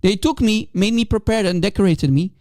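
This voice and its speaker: A man's voice: high voice, a little fast, darkish tone, no room sound, clean studio sound. A man whose first language is Arabic, giving scornful, emphatic livestream commentary and repeating his points to drive them home. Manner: mocking, scornful, laughing at his opponent. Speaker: religious debater streaming commentary.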